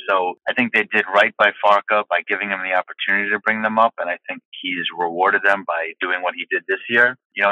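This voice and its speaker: Low, sharp-toned man explaining at length. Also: dry recording, rough recording. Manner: explains at length, heavy on fillers. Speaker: podcast guest, football fan. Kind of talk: casual chat.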